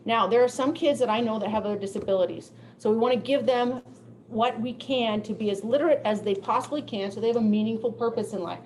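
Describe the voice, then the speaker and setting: An older woman giving a presentation to teachers, telling classroom stories in a lively way and laughing often. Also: on the high side, fast talker, a little hiss or hum, poor audio. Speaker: teacher of deaf students. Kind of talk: presentation to educators.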